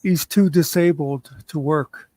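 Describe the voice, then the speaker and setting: A man's voice: on the high side, measured pace, darkish tone, dry recording. Blunt joking man chatting on a stream. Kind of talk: casual livestream chat.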